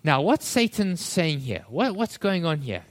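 A male pastor preaching a sermon, addressing listeners as friends and acting out the quoted voices with animated shifts. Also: a little high, unhurried.

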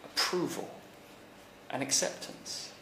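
Guy preaching in a church, chatty and animated, big swings up and down, roomy echo, faint hum behind. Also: takes it slowly. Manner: animated, rising to emphatic peaks then dropping quiet. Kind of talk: conversational sermon. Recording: echoey church hall recording.

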